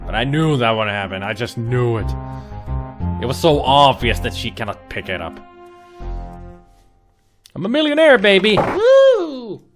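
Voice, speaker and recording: A man's voice: medium pitch, expressive, normal speed. A man giving casual, joking commentary while playing an old computer game, chatting and muttering asides. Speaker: let's play host. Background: faint game music.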